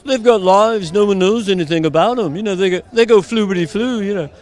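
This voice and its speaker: A man's voice: high voice, a little fast, pitched above the performer's own voice, natural voice. A man doing a chirpy British pop star. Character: impression of a British pop musician, cheerful chatty man.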